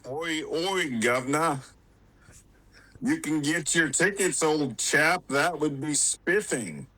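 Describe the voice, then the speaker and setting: A man voicing a cheery, mock-posh old English gentleman in a short recorded promo clip, with an exaggerated put-on posh English accent. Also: on the high side, takes it slowly, exaggerated voice. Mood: jolly. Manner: over-the-top stereotyped and jolly.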